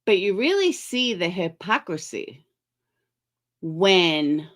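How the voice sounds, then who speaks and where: A middle-aged woman chats casually on a home livestream mic. Her pitch swings a great deal as she greets viewers by name and tosses in sarcastic asides. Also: very animated, takes it slowly. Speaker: livestream commentary host.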